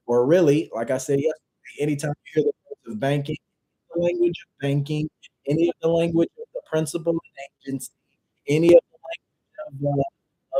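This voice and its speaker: Dude teaching a livestream class, loose slangy talk, mellow dark voice, keeps repeating stuff. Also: male voice, mid-range voice, low-quality recording. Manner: conversational, slangy, repeats phrases for emphasis. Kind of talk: casual lecture reading from dictionaries.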